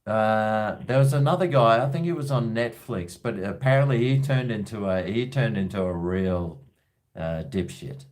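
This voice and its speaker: Australian male host, lowish voice, blunt and sweary, rambling call-in chatter. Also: normal speed, a little mellow. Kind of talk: casual call-in chat.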